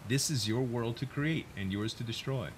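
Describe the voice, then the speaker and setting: A man doing a hushed, solemn divine voice. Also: mid-range voice, normal speed, a little hiss or hum, voice pushed down, natural voice, low-quality recording. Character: mysterious deep male divine voice, solemn. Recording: game music behind.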